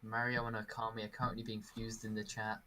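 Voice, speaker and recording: A man's voice: fairly low pitch, completely flat delivery, fast, sharp tone, slight background noise. Stammering man joking on a stream. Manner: hesitant, stammering, teasing. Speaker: co-host friend. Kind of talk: casual chat on a game stream.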